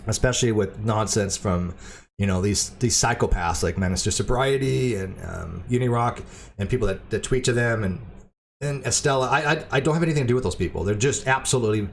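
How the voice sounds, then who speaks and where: A man hosting a casual livestream, talking in a rambling, halting way with lots of ums and repeated words. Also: lowish voice, vocal fry, a little hiss or hum. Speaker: channel host; debate show moderator.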